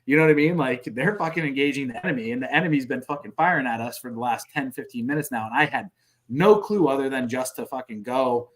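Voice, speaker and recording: Male veteran guest, mid-pitched, swearing, gritty war storytelling. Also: quick pace. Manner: profane, vivid, animated retelling with sound effects. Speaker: podcast guest, military veteran.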